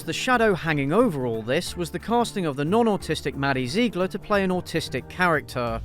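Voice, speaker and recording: A man hosting a scripted commentary review, blunt, sarcastic and openly profane. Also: a little high. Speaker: video essay host.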